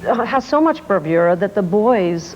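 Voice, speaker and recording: A woman director talking casually on an interview show, mid-pitched and easy. She laughs a lot and jumps back into her stories in quick restarts. A faint hiss sits under the recording. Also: lively intonation, a little mellow, dull audio. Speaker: film director.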